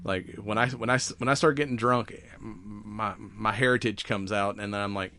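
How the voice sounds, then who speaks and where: A man's voice: lowish voice, fairly even intonation, normal speed, bright, forceful tone, no echo. A man hosting a podcast in casual chat, rambling with lots of laughs and swearing. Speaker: podcast host.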